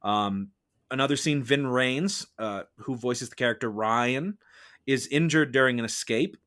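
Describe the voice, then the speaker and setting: A man acting as prosecutor in a mock trial on a podcast, arguing a prepared case in a measured, formal courtroom manner. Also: mid-range voice, fairly bright tone. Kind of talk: prepared argumentative case delivered to a judge.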